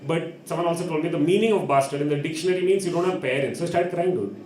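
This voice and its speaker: A man's voice: on the high side, rapid-fire. Young man telling a comic story. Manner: animated, acts out voices of people in his story. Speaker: open mic performer and host. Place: performance venue. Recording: echoey room with background noise.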